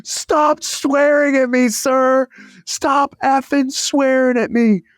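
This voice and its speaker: A man's voice: high-pitched, lively intonation, unhurried, dry recording, studio quality. A man voicing a defensive young male mechanic around twenty who whines back. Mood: indignant.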